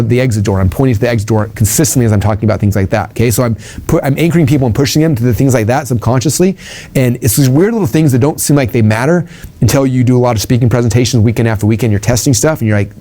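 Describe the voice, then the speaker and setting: A man's voice: mid-range voice, warm tone. A man giving an informal sales training talk, rambling with ums and restarts and acting out quoted conversations.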